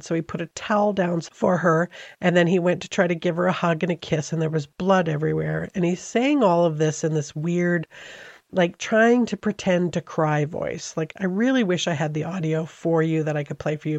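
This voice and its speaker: A middle-aged woman hosting a podcast, telling a true-crime story in a conversational, earnest and reflective way, often pausing with an um. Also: lowish voice, darkish tone, no echo. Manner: earnest, reflective, with frequent ums. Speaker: podcast host.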